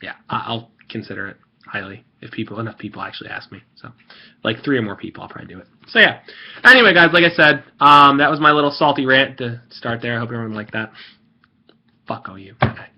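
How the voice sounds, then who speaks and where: A young man rambles through a salty gaming rant, swearing freely and trailing off mid-thought. His voice sits at an ordinary middle pitch. The audio is a little dull and lo-fi, as if from a home computer mic. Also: expressive, quick pace. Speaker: gaming video creator.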